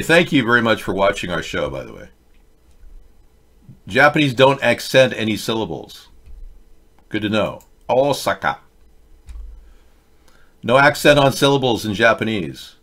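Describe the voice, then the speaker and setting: A man's voice: on the low side, very animated, a little slow, long pauses, bright, forceful tone. A man hosting a casual political commentary livestream, reading chat with rambling, sarcastic asides.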